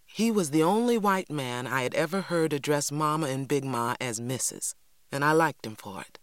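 A woman's voice: deep voice, lively intonation, normal speed, no room sound. Woman narrating an audiobook, dry close sound. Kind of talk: scripted first-person narration.

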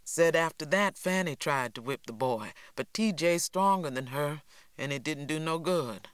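A man reading an audiobook, voicing a steady rural father who speaks quietly and firmly. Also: on the high side, moderate pace, smooth, dry recording, lightly acted. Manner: calm, quiet and firm.

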